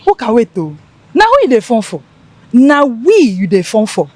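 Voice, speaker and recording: A woman's voice: a little high, huge pitch swings, normal speed, a little mellow, dry recording. An actress playing a scheming young woman who leads the plotting, teasing and persuasive. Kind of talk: Nollywood film acting.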